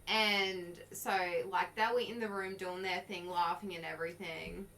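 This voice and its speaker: A woman's voice: lowish voice, fairly even intonation, moderate pace, pushed and bright, slight background noise, poor audio. A woman, co-hosting a podcast and telling a story in a loose, sweary way full of likes and laughs. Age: early 20s. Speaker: podcast co-host. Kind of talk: casual storytelling chat.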